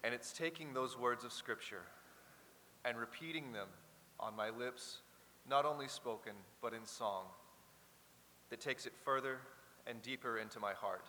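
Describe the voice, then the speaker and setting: In a large chapel, a choir leader gives an earnest, reflective spoken introduction, with small restarts along the way. His voice is medium in pitch, a little slow, and sharp in tone, recorded with hall reverb and faint hiss.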